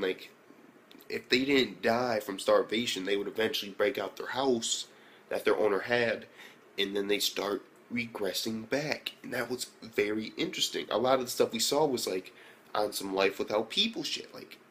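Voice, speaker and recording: Male anime reviewer with a lowish voice. Loose, profane, chatty recap, with frequent shouted reactions. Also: normal speed, a little hiss or hum. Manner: loose, profane retelling with loud exclaimed reactions. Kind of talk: casual episode recap.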